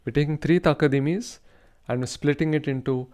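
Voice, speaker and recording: A man's voice: on the high side, moderate pace, mellow, a little hiss or hum. A man hosting a rhythm lesson, carefully explaining and reciting rhythm syllables in time. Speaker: rhythm teacher, show host.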